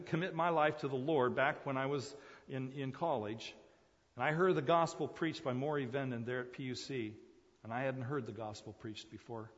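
Man, pastor, sermon, loud calls and hushed asides, dull lo-fi audio, long hall reverb. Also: mid-range voice. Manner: dynamic preaching, swinging from loud emphatic calls to hushed asides; repeats phrases for emphasis, addresses listeners as folks. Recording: muffled recording in a long-echo hall.

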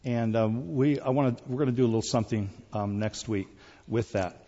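A pastor delivering a sermon, rising to emphatic lines and dropping to quiet asides. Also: male voice, mid-range voice, a little fast. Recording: dull sound with long hall reverb.

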